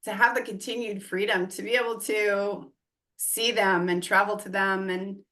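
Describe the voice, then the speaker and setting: This real estate investor and coach, a woman in her forties, is being interviewed on a podcast and relates a story in a relaxed, animated way, voicing the quoted lines. Her voice is mid-range, delivered at a moderate pace.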